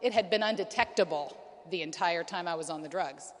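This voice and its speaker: A woman's voice: on the low side, a little fast. A woman in her forties giving an earnest personal testimony at a conference, with frequent ums and restarts. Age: 40s. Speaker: conference speaker. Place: conference hall. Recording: reverberant hall.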